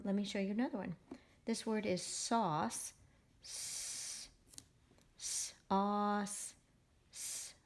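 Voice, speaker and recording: A middle-aged woman teaching young children to spell, speaking slowly and with great patience. She breaks each word into syllables and sounds them out one piece at a time, in a mid-pitched voice. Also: darkish tone. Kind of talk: phonics lesson for children.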